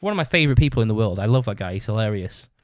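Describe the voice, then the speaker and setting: A man's voice: on the low side, expressive, very fast, dry recording. A young British man hosting his own podcast, telling a rambling, sweary story in a casual way and laughing as he talks. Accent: British English. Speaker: podcast host.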